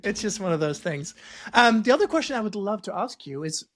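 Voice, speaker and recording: A man hosting a podcast interview in a casual conversational way, telling stories with lively acted-out quotes. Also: high-pitched, a little fast. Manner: lively storyteller, acts out quoted lines. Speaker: podcast host.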